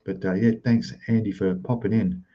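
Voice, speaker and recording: A man's voice: on the low side, fairly even intonation, normal speed, highs cut off. An Australian man hosting a live stream, greeting chat viewers one by one and keeping his voice down in a rented room. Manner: speaking softly, keeping voice down.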